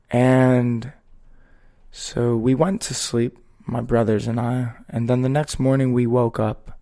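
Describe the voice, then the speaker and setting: A man hosting a podcast, talking in a slow, measured and earnest way as he tells a personal story. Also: mid-range voice, steady tone, creaky, warm tone. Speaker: podcast host. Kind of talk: reflective podcast conversation.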